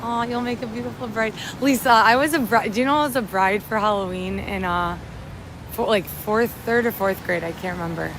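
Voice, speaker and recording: A woman's voice: mid-range voice, a little fast. A woman in her twenties from upstate New York, chatting casually on a walking livestream and thanking viewers as she goes. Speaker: livestream host. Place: city street at night, outdoors in rain. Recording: street noise under the voice.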